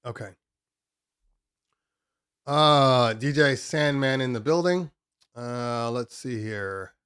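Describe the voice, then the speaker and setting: A man's voice: medium pitch, slow, a bit bright, clean tone, dry recording. Male live-stream host, loose chatty delivery, home-studio feel, dead dry sound. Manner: loose and rambling, many ums and restarts. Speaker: DJ podcast host.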